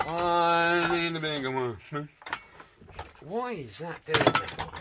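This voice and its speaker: A man's voice: a little high, lively intonation, slow pace, long pauses, very noisy. A man talking through a restoration job in his workshop, chatty and jokey, muttering to himself and swearing mildly. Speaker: restoration video maker.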